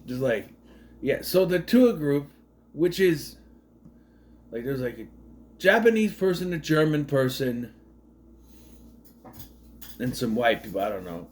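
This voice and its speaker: A man's voice: medium pitch, sing-song, unhurried, long pauses. A man casually recapping a movie, rambling with fillers and restarts and dropping sardonic, questioning asides. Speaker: movie commentary host.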